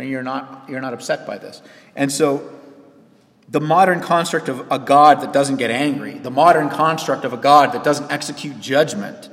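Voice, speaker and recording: A man preaching a sermon as pastor, earnest, with sharp rises and sudden quiet drops for emphasis. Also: mid-range voice, in a large hall.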